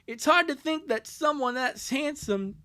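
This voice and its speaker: A woman's voice: high voice, a little slow, pushed and bright, voice pushed up. A woman voicing a bossy older sister in her late teens who teases her younger brother, in a live fan dub of a cartoon comic. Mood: teasing.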